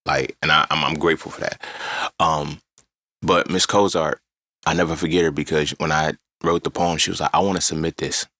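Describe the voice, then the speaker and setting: A man with a deep voice and a forceful, bright edge speaks. He talks casually and animatedly, swearing freely as he tells his story. The sound is dry and close. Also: fairly quick, no echo. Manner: animated, profane, conversational storytelling. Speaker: podcast host. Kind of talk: casual monologue.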